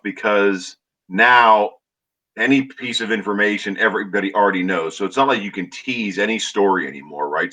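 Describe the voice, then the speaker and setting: Bright, chatty male show host. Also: lowish voice, poor audio. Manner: chatty, playful, ribbing. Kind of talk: casual chat.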